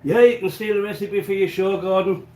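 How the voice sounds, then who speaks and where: Casting: English man, raised-pitch chatty live-stream host, stuffy nose, small echoey home kitchen. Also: fairly quick, a little mellow. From England. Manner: chatty, rambling, answers live chat. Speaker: cooking livestream host. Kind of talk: casual live-stream chat while baking.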